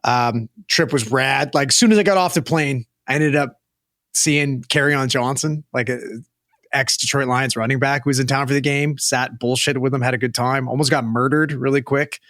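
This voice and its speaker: A man's voice: medium pitch, fairly even intonation, moderate pace, fairly bright tone, no room sound, studio quality. Sweary, storytelling man from Western Canada. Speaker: podcast co-host. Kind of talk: casual chat.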